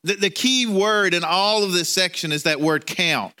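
A man's voice: high-pitched, normal speed, bright, forceful tone. A man preaching a sermon in a conversational way, often repeating words and restarting as he tells a story. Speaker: pastor.

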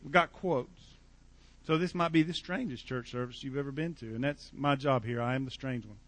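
A man's voice: medium pitch, normal speed, a bit bright. A male pastor preaching a sermon in a church in a conversational, joking way.

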